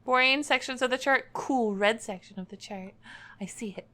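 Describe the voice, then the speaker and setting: A woman streaming a game, chatting playfully with her viewers and often jumping into squealing highs. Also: moderate pace, pushed and bright. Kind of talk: casual livestream chat.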